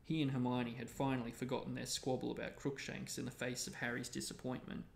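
Creaky-voiced man reading a story. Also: medium pitch, brisk. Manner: steady storytelling. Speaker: reader and show host. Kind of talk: reading a novel aloud. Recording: roomy echo.

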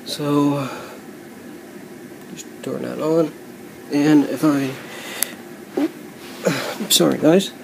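A man casually reviewing a toy he customized at home, rambling with many fillers and quick apologies, sometimes drifting off the mic as he handles it. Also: a little high, creaky, warm tone, slight background noise, low-quality recording.

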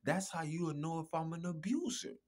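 A man talking in a casual podcast monologue, emphatic, repetitive and profane, with a husky voice. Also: fairly high pitch, normal speed, a little mellow. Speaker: podcast host.

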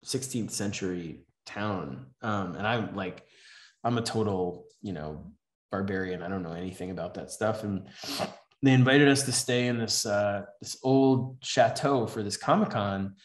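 A man's voice: on the low side, unhurried. Rambling man lecturing in an echoey room. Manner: rambling, filler-heavy, reads comic dialogue aloud. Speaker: comics writing teacher. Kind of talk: casual classroom lecture. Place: house event room. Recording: roomy echo.

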